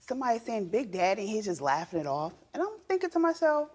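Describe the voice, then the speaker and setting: A woman telling a courtroom story about her husband, animated and acting out her own thoughts. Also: medium pitch, fast, few pauses, slightly rough. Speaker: wife in a court case.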